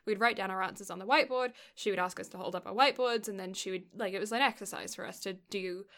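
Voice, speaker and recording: A woman's voice: medium pitch, fast talker, fairly bright tone. A young woman in casual chat, telling stories in a rambling way and often laughing between words. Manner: rambling storyteller, often laughing mid-sentence.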